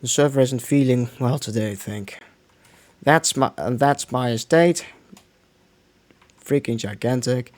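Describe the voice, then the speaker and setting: A man talks his way through a game stream in a loose, rambling way. He trails off, restarts sentences and mutters to himself while he plays, at a middling pitch. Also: a little slow, pauses often, darkish tone. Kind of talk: casual gameplay commentary.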